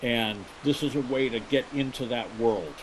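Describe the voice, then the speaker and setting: A man talking as a guest in a casual radio interview, chatty and enthusiastic, speeding up in quick bursts. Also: medium pitch, background noise. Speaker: guest, pirate day co-founder.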